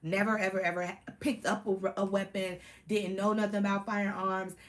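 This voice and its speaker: A woman, chatting casually to camera about her Marine days, animated and full of slang and laughter. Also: mid-range voice, moderate pace. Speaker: Marine veteran vlogger.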